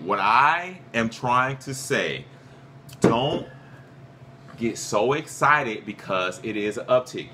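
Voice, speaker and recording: This is a man, worked up in a casual podcast argument. He swears and defends his point, and his pitch swings up and down. His voice is bright and forceful, with faint room ambience behind it. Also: slight background noise. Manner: defensive, swears, keeps saying he is done. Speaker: podcast co-host. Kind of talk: heated casual debate.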